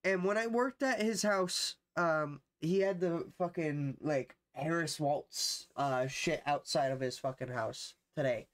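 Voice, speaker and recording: A man's voice: fairly high pitch, a little slow, few pauses, a bit bright. Rambling young man streamer. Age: young adult. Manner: rambling, slangy, swears a lot, many fillers. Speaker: livestreamer. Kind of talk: casual livestream chat.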